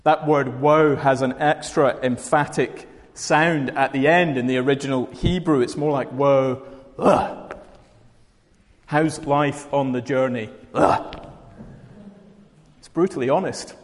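A man's voice: mid-range voice, steady tone, moderate pace, few pauses. Scottish man preaching in a reverberant hall. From Scotland. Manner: conversational, dry humour. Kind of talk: sermon.

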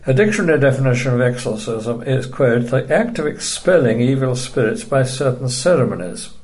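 A man teaching a recorded Bible study lecture, measured and emphatic, dryly dismissive of opposing views. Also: medium pitch, lively intonation, darkish tone.

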